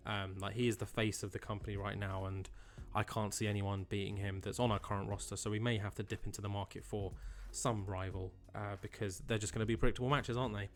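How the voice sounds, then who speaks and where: A man's voice: fairly low pitch, little pitch movement, fast talker, few pauses. A young man casually commentating his own game playthrough in a chatty, upbeat way with joking asides. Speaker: gaming channel host. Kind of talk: casual let's-play commentary.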